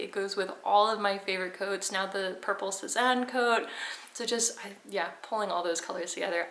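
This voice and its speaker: Young woman vlogger, rambling and chatty, gravelly edge, recorded in an echoey room. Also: medium pitch, a bit bright. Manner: chatty, rambling, laughs often. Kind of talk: casual storytelling to camera.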